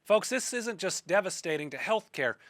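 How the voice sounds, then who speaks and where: A man's voice: high-pitched, big pitch swings, normal speed, a bit bright, no room sound, clean studio sound. Fired-up Kentucky man hosting a podcast. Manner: fired-up, earnest political speaking. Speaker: podcast host. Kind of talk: interview then spoken commentary.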